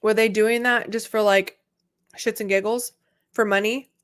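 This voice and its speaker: A woman's voice: medium pitch, level tone, measured pace, a bit bright, smooth. Young woman, reaction video host, blunt, incredulous, casual.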